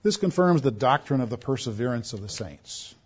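Emphatic preacher, lo-fi recording. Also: male voice, medium pitch, lively intonation, a little fast, slightly rough. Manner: preaching with emphatic swells and soft drops; repeats words when restarting. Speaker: pastor. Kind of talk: sermon. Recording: dull lo-fi sound.

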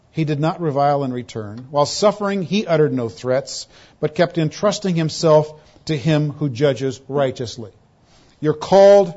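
A man preaching a sermon in a fairly high, mellow voice. He delivers it with strong emphasis, swinging from loud, pointed quotations to soft, hushed passages. The recording sounds dull and lo-fi. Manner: emphatic, rising to loud pointed quotes then dropping to hushed lows. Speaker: pastor. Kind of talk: expository sermon.

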